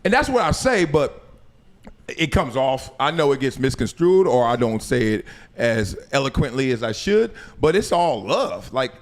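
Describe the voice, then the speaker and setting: A man hosting a podcast, talking in a casual, animated way and swearing freely. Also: mid-range voice, moderate pace. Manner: animated, swears freely, acts out voices of others. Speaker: podcast host. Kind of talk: casual chat.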